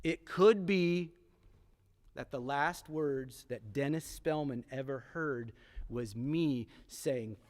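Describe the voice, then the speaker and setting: Man telling a story on a theatre stage. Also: mid-range voice. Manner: dramatic pauses, emphatic repetition. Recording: long theatre hall reverb.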